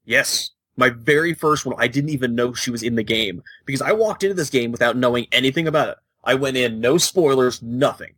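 A deadpan man co-hosts a podcast in relaxed casual chat, grumbling dryly. His voice is bright and a bit husky, and it sounds close and dry with no room around it. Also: medium pitch, brisk, hardly any pauses, dry recording. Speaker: podcast co-host.

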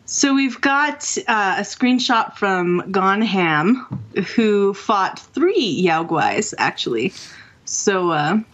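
A woman's voice: mid-range voice, very animated, slow pace, fairly bright tone, highs cut off. Woman, podcast co-host, casual gaming chat, enthusiastic, call mic. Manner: chatty and enthusiastic, reads out listener messages. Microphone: remote call mic.

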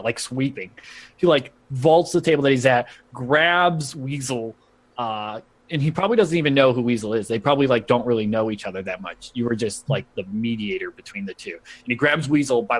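A man narrating as game master of a tabletop role-playing game, rambling with frequent fillers and laughter. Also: mid-range voice.

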